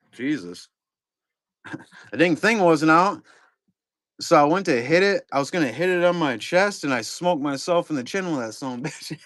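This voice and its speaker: A man's voice: a little high, expressive, moderate pace, pauses often, fairly bright tone, no echo, studio quality. A middle-aged man, casually rambling to chat viewers while opening card boxes on a live stream. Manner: rambling, laid-back, talks to chat viewers.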